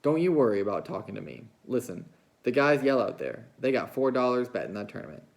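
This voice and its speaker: A man reading a novel aloud, putting on the voice of a lonely, restless young ranch wife who talks in a coaxing, hurried way. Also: medium pitch, animated, gravelly. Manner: coaxing, fast, pleading.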